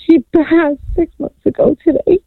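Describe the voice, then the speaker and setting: A woman caller from Massachusetts, grieving and tearful, speaking quietly and haltingly on the phone. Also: very high-pitched, fairly even intonation, no echo. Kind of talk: phone call to radio show. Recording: tinny phone line.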